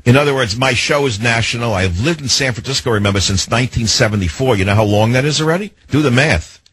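An older man with a New York accent hosts a talk radio show in a brash, rapid-fire, digressive manner. His voice is medium-pitched, a bit bright and husky. The recording is rough but has no echo.

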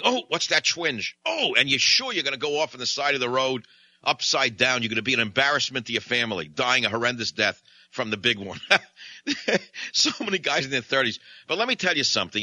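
Animated man telling a rambling story. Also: mid-range voice, fast talker. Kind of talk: comic storytelling monologue.

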